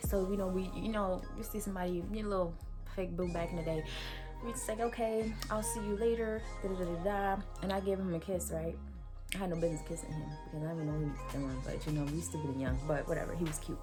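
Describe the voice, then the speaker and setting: A woman in her twenties telling a storytime vlog in animated, slangy casual talk full of fillers. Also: on the low side, quick pace, music in the background. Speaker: vlogger.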